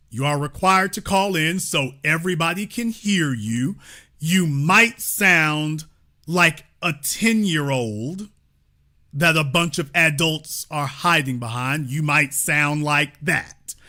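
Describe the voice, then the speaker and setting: A man hosts a live call-in program, his voice sitting high and swinging widely as he drives each point home. He talks in an emphatic, mocking way, repeating phrases like a preacher building to a point, with a bright, sharp tone throughout. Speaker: host. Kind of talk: live call-in show commentary.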